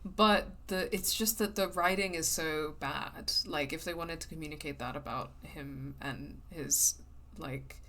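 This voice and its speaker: A woman's voice: deep voice, fairly bright tone, a little hiss or hum. A young woman streaming a game, chatting bluntly and casually with some swearing. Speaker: let's play streamer. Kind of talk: casual gameplay commentary.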